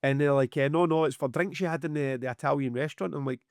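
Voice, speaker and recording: Middle-aged Scottish man, podcast co-host; a fairly high voice, sweary storyteller, dry close sound. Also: quick pace, no echo. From Scotland. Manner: animated, heavy swearing, acts out dialogue. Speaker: podcast co-host, music promoter. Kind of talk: casual storytelling chat.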